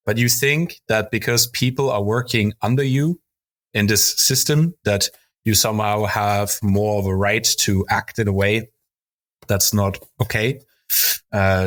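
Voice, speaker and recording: A man's voice: fairly low pitch, a bit bright. A man co-hosting a podcast in casual chat, telling stories loosely with lots of "like" fillers and swearing. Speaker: podcast co-host.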